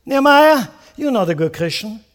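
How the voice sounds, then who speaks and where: A male pastor preaching a sermon, animated, firing off rhetorical questions and acting out prayers. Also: sits high, moderate pace.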